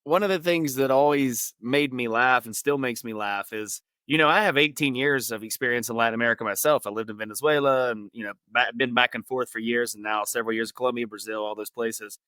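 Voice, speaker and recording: A man hosts a relaxed podcast chat, laughing easily and chiming in with short agreements. His voice is bright and forward. It is recorded close and dry. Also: medium pitch, a little fast, few pauses, clean tone, no room sound. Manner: easygoing, laughs often, short agreeing replies. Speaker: podcast host. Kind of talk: casual interview chat.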